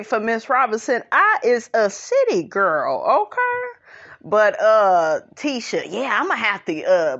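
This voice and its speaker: A woman giving a sassy, animated casual commentary recap of a reality show, tossing in "honey" and "okay" as she goes. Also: lo-fi sound. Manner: sassy, animated, sprinkles 'honey' and 'okay'; breaks into high laughing impressions.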